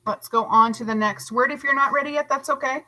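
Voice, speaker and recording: A woman teaching a third grade class in a recorded lesson, patient and encouraging, stretching words out slowly to split their syllables. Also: high-pitched, pushed and bright, rough recording. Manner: slow, overarticulated syllables and spelling.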